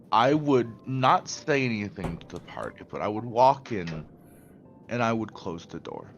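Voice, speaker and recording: A male player in a tabletop game chats and jokes in a fairly low voice. He restarts his sentences and stumbles as he speaks. Faint music sits in the background. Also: muffled recording. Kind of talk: casual chat at a game table.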